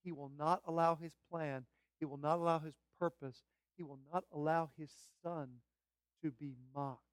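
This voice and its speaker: A man's voice: a little high, fairly even intonation, normal speed, clean tone, no echo. Fervent preaching man, dry close sound. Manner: fervent preaching, builds to loud emphatic repetition. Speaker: pastor. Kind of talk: sermon.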